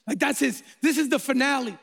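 A man's voice: extremely high pitch, a little fast, creaky, fairly bright tone, slightly rough. A middle-aged man, a pastor, preaching a sermon that opens with a self-mocking personal story, talking animatedly and often repeating words. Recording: long hall reverb.

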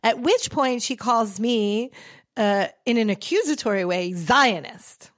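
A woman's voice: a little high, a little slow, no echo, studio quality. A woman hosting a podcast, telling a personal story in a casual, emotional and rambling way, full of fillers and restarts. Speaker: podcast host.

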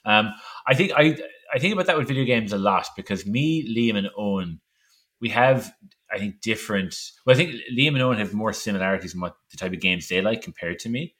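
A man hosts a podcast in a lowish voice with a bright edge. He talks fast and chatty, keeping an upbeat flow. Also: lively intonation. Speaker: podcast host. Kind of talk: casual chat.

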